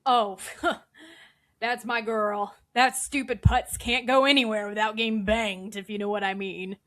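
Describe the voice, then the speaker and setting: A woman's voice: medium pitch, steady tone, measured pace, a bit bright, natural voice. A woman voicing a sleazy, sadistic male dentist in a tabletop game, talking in a drawling, insinuating way. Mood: smug. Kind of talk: playing a villain in a tabletop game.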